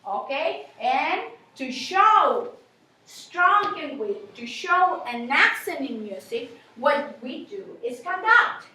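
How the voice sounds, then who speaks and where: A woman's voice: sits high, very animated, slow, pushed and bright. A woman teaching a music lesson to young children, giving patient instructions and switching between English and Spanish, recorded from across a classroom. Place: school classroom. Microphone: distant camera mic. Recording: echoey classroom from far off.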